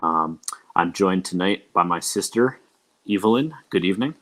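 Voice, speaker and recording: A man's voice: sits low, animated, moderate pace, fairly bright tone. A young man hosting a casual livestream podcast, talking in a loose, rambling way with many ums and uhs. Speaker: podcast host.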